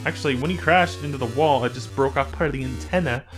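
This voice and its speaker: A man hosting a gaming channel, chatting casually and rambling through gameplay commentary with sudden excited exclamations. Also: medium pitch, quick pace, soft background music.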